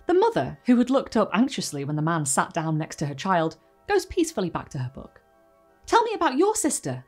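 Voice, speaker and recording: Woman host, animated book reviewer, faint music bed. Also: mid-range voice. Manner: expressive reading, lively quotes. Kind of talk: book review and read-aloud.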